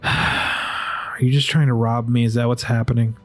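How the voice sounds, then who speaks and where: A man's voice: medium pitch, flat delivery, faint music behind, lightly acted. A man playing a wary, exasperated townsman. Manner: halting, exasperated. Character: wary grumbling human man, a father.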